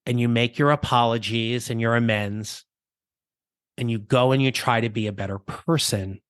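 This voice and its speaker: A man hosts a coaching podcast and tells a story from his own life in an easy, reflective way. His voice is bright and forward. The close mic sounds dry, with no room around it. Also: medium pitch, steady tone, normal speed, clean tone, no echo. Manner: conversational, reflective, with small restarts. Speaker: podcast host and career coach. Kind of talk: personal storytelling monologue.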